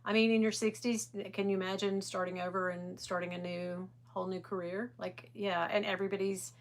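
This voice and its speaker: A woman's voice: mid-range voice, fairly quick. A middle-aged woman hosting a casual livestream, chatting in a rambling way and greeting viewers by name. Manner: animated. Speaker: livestream host.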